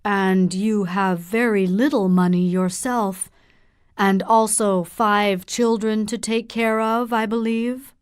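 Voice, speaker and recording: A woman's voice: mid-range voice, fairly even intonation, slow, smooth, no echo, studio quality, natural voice. A woman reading the lines of a stern middle-aged male doctor in an audiobook, firm and direct.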